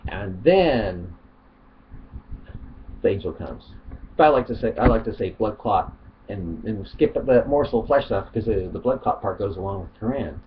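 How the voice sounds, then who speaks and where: A man's voice: fairly low pitch, expressive, moderate pace. A man casually reading from his own writing, rambling and hesitant with many fillers. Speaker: video author. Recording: dull lo-fi home recording, faint noise.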